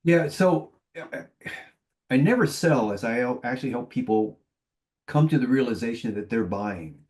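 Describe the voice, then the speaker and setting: A man's voice: mid-range voice, lively intonation, normal speed, a little mellow. A man speaking as a sales executive on a panel, telling stories with confident, punchy delivery and dry humour. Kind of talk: panel discussion, storytelling.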